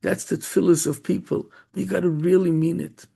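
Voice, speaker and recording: Man, rabbi, sermon storytelling, gravelly, mellow, halting. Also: high voice, little pitch movement. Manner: halting, many restarts and repeated words.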